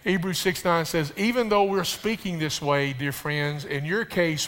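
A man preaching a sermon to his congregation, stumbling over restarts and building to loud, rising emphasis. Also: a little high, fairly even intonation, measured pace, hardly any pauses. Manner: addresses the congregation directly. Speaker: pastor. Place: church sanctuary. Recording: preached in a reverberant hall.

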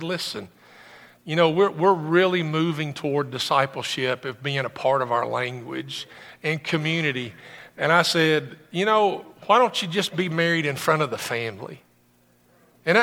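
A man preaching a sermon as pastor, animated, rising to excited emphasis as he tells a story to his congregation. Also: fairly high pitch, gravelly, in a large hall. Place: church sanctuary.

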